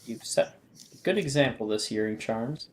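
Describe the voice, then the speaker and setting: A man running a tabletop game as game master over a video call, relaxed and chuckling. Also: mid-range voice, moderate pace, slight background noise.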